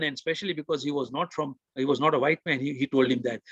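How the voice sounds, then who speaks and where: A man from India giving a motivational webinar, telling stories and acting out the quotes with lively emphasis. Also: mid-range voice, racing, few pauses, slightly rough, no room sound. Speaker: webinar presenter.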